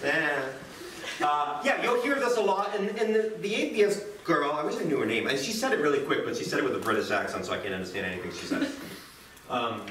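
A man teaching high schoolers in a classroom, chatty and self-deprecating, with lively jokes. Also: a little fast, slight background noise. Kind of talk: classroom lecture. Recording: roomy, distant classroom mic.

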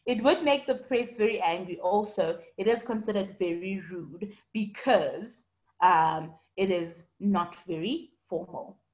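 A woman's voice: medium pitch, unhurried. A woman teacher giving an online lesson, patiently explaining and answering students by name. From South Africa.

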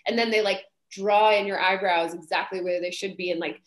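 A woman in her thirties, a stage actress, telling a casual, animated story full of fillers and acted-out voices. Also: mid-range voice, a little fast. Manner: animated, chatty, acts out quoted voices, many fillers. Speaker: Broadway actress guest. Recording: roomy echo.

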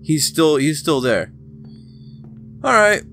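Man narrating a game playthrough, slightly high voice, excitable, faint music behind. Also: slow pace. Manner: excitable, talks to the game character, bursts into shouting. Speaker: gaming channel host. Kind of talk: let's play commentary.

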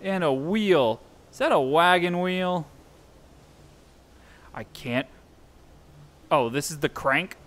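A man's voice: a little high, lively intonation, slow, long pauses, fairly bright tone. A young man giving let's-play commentary on a horror game, jumpy and self-mocking, swearing often. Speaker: gameplay streamer.

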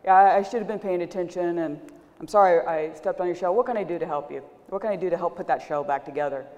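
A woman's voice: lowish voice, quick pace, a little mellow, highs cut off, natural voice. A woman voicing an oblivious but earnest female turkey in a spoken folk tale. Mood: apologetic. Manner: sheepish, earnest. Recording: long hall reverb.

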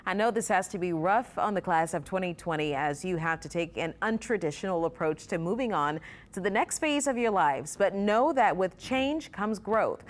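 A woman's voice: lowish voice, animated, moderate pace. A woman from a television station gives an earnest, encouraging video message. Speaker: television reporter.

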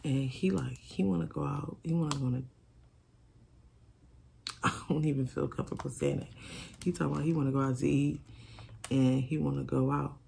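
Woman, casual storytime vlog, very gravelly fry, candid and profane, faint background hiss. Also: very deep voice, steady tone, moderate pace, pauses often, mellow. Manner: candid, swearing, repeats herself, quotes friends dramatically.

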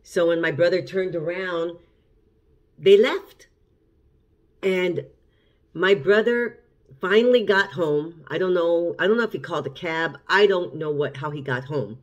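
A woman's voice: on the low side, unhurried, long pauses, lo-fi sound. A middle-aged woman, a cooking channel host, casually telling a story to the camera in a chatty way, often repeating and restarting. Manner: chatty, repeats and restarts while recounting events.

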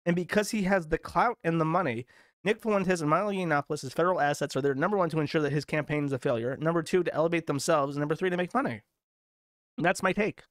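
A man's voice: a little high, fast, a bit bright, no room sound, clean studio sound. Exasperated man ranting over clips. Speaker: host. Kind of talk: commentary over video clips.

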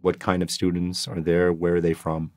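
A man with a very low, deep voice hosts a casual interview podcast. He asks friendly questions and keeps the conversation moving with quick affirmations. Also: monotone, darkish tone. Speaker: podcast host interviewing test takers.

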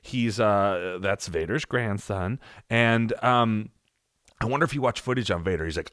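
A man's voice: fairly low pitch, measured pace, fairly bright tone, no echo, clean studio sound. Jokey, rambling man hosting a tutorial. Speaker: tutorial host, sound designer. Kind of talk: casual tutorial talk.

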